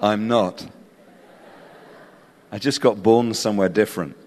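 A man's voice: fairly low pitch, fairly even intonation, a little slow. A man with an English accent preaching an evangelistic sermon, impassioned and personal, calling listeners to respond. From England. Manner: impassioned, building to invitation then softening. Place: large hall with live audience. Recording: reverberant hall with music.

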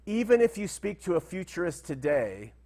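A man's voice: high-pitched, very animated, normal speed, darkish tone. A man teaching through Bible verses in a conversational style, often asking rhetorical questions. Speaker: preacher.

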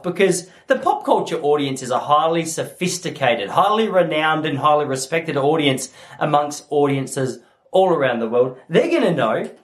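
A young Australian man telling a funny story to his listeners, swearing freely as he goes. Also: on the high side. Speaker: podcast host. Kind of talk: comedic monologue to listeners.

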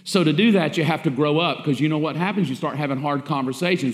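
A man's voice: fairly high pitch, fairly quick, hardly any pauses. A man preaching a sermon as pastor, emphatic and repetitive, with rhetorical questions to the congregation. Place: church sanctuary. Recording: echoey church hall.

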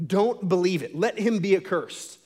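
High-voiced man preaching animatedly. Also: normal speed. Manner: animated, acts out Paul in quoted asides. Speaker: pastor. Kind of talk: sermon.

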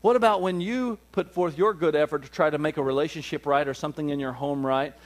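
A male pastor, preaching a sermon, swinging from loud, high peaks down to low, quiet stretches and calling for "amen" from the room. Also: quick pace. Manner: call-and-response preaching, rises to loud peaks then drops low.

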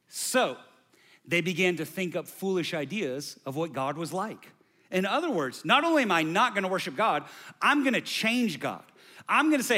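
Bright-voiced emphatic male preacher. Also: sing-song, moderate pace. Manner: emphatic, swings from loud bursts to quiet low lines; conversational asides to the congregation. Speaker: pastor. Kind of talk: sermon.

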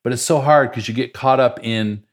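A man's voice: mid-range voice, normal speed. A man hosting a podcast conversation, talking in a reflective, encouraging way.

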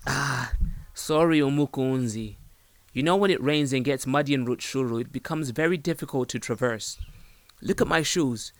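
A man's voice: medium pitch, moderate pace, no echo, lightly acted. Man doing an eager lovestruck young suitor. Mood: apologetic.

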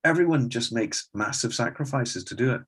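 A middle-aged man, a stand-up comedian and club owner, telling animated anecdotes in an interview and acting out the conversations he recalls. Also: medium pitch, brisk, slightly rough. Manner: animated storyteller, acts out quoted exchanges.

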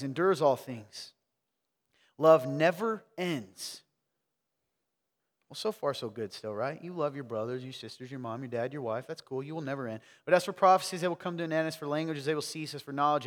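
A man from the South, preaching a sermon and quizzing his congregation, swinging between loud emphasis and hushed asides. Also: mid-range voice, in a large hall. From American South. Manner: energetic, questioning the crowd, wide swings from loud to hushed. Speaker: pastor. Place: church sanctuary.

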